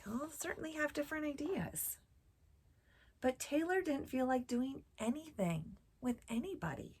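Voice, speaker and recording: A woman hosting a children's storytime, reading a picture book slowly and expressively and asking the children questions. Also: high voice, lively intonation, a little mellow, a little hiss or hum. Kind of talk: read-aloud storytelling for children.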